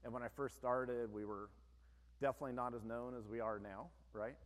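A man's voice: mid-range voice, fairly even intonation, a little fast. A man who owns a business, giving an informal, plain-spoken presentation to an audience, with frequent conversational asides. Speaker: business owner giving a talk. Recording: long reverb of a large hall.

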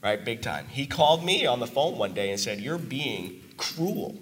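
A man's voice: mid-range voice, animated, brisk, fairly bright tone, a little hiss or hum. A man giving an earnest, emotional testimonial to a live audience, his voice worn from talking a lot. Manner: earnest and emotional, with emphatic asides. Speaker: business owner giving a testimonial.

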